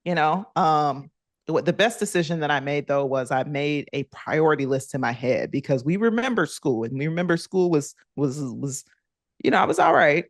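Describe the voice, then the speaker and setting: A woman in her thirties, a former athlete, telling lively stories as a podcast guest and acting out quoted kids in higher voices. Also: moderate pace, no echo, studio quality. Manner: animated, acts out quoted kids in higher voices, laughs often. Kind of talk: conversational storytelling interview.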